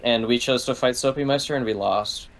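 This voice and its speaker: A man telling a long tangent in relaxed gaming chat, his voice at an ordinary middle pitch. He keeps piling on "like" and drops swear words without pause. It sounds loose and unscripted. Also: rough recording. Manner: rambling, heavy use of "like", swears freely. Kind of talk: casual gaming talk.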